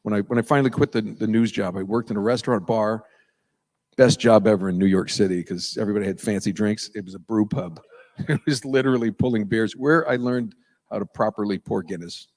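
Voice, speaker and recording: A man's voice: fairly low pitch, steady tone, a little fast, darkish tone. Rambling man telling stories on stage. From New England. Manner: rambling, goes off on tangents, chuckles often. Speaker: panel guest, voice actor. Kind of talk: casual stage chat with anecdotes. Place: convention auditorium before a live audience.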